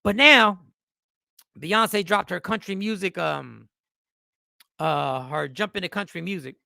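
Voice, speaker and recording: A middle-aged man hosting a show, riffing casually and jokingly, swearing freely and reading comments out loud. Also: high voice, takes it slowly, vocal fry, no echo, studio quality. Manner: animated, joking, swearing, reads chat comments aloud. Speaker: host.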